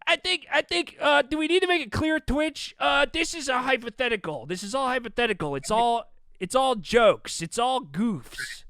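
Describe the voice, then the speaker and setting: A man hosting an improvised comedy podcast, playful and lively, laughing often. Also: very high-pitched, fairly quick, few pauses, clear, resonant tone, no echo, clean studio sound. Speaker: podcast host.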